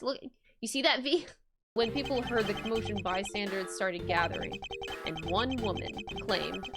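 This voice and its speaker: A young woman streamer commenting on a game she plays, excitable and swearing, often breaking into loud shrieks. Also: on the high side, moderate pace. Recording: game music behind.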